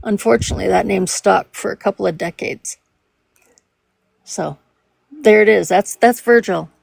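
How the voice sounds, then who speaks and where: A woman in her mid-fifties with a Minnesota accent and a gravelly edge of vocal fry, talking in a relaxed, conversational way on a live stream. Her voice sits close and dry, with no room echo around it. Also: medium pitch, moderate pace. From Minnesota, USA. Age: 50s. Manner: conversational, laughs easily, trails off with fillers. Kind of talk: casual chat.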